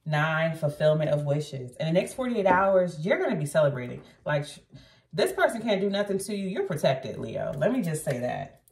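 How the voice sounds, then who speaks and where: A woman's voice: deep voice, big pitch swings, normal speed, darkish tone, distant mic. A woman giving a casual tarot reading, talking blunt and chatty to her viewers and swearing freely. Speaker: tarot reader. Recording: roomy echo, voice off-mic.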